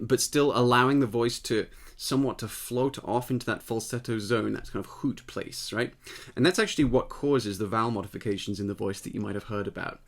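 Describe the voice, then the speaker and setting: A man giving a casual spoken singing lesson, explaining step by step and checking in with the listener, his voice tired and slightly husky. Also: mid-range voice. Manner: explanatory, conversational, often checks in with "right?". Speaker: voice teacher.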